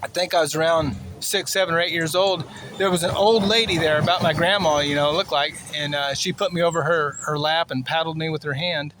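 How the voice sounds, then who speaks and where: A man in his sixties from Cuba telling a personal story in a plainspoken, rambling way, with many fillers and pauses. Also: fairly high pitch, steady tone, noisy background. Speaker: vlogger.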